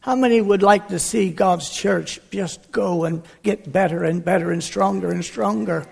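High-pitched fervent male preacher. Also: creaky, husky. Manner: fervent preaching, drawn-out emphatic phrases. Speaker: pastor. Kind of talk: sermon. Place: church sanctuary. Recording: church hall reverb with soft music.

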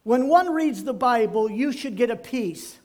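A man's voice: very high-pitched, expressive, measured pace. An older man, a pastor, giving a folksy sermon full of homespun, rambling anecdotes.

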